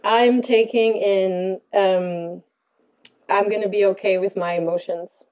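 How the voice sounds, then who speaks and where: A woman co-hosting a podcast in casual chat, reflective and thinking aloud with pauses. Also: mid-range voice, steady tone, darkish tone. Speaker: podcast co-host.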